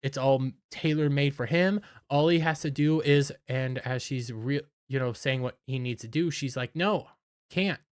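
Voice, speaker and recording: A man's voice: mid-range voice, fairly even intonation, moderate pace, hardly any pauses, clean tone, no echo, studio quality. A man giving a casual, enthusiastic episode recap as an anime reviewer, often stumbling over his words.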